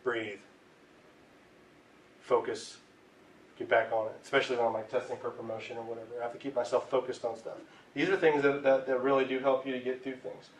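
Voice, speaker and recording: A tobacco cessation instructor lectures his class in a relaxed, chatty way, repeatedly checking in with "right?". His voice is medium-pitched and quick. The room is echoey, the mic far away, with a faint hiss.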